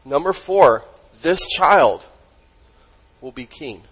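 A man's voice: on the high side, lively intonation, slow, a bit bright, slightly rough, poor audio. Emphatic man preaching a sermon. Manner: emphatic, quizzes the congregation. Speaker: pastor.

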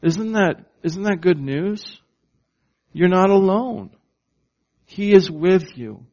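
A man preaching a sermon at an unhurried, deliberate pace, leaning hard on key words and pausing for the congregation. His voice sits a little high for a man, and the recording sounds dull and lo-fi. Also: animated, a little mellow. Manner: slow, emphatic preaching with call-and-response questions. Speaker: pastor.

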